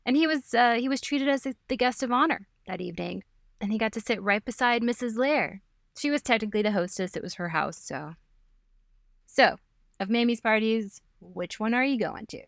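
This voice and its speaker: A woman's voice: a little high, expressive, moderate pace, vocal fry, no room sound, studio quality. A woman co-hosting a casual history podcast, telling stories with playful asides and laughs. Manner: giggly storyteller, playful asides. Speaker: podcast co-host.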